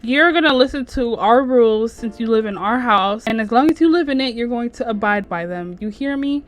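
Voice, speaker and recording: A woman voicing a strict, drunk father in a life-sim game, scolding loudly. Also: on the high side, lively intonation, a little fast, natural voice. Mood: angry. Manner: loud, scolding. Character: strict, angry drunk dad yelling at his teen.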